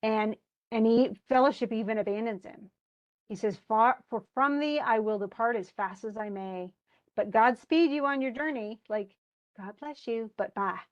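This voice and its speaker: A woman giving a lively classroom lecture, acting out characters' lines as she explains them. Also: on the high side, moderate pace, highs cut off. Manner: animated, acts out characters' lines in quotes. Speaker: literature lecturer.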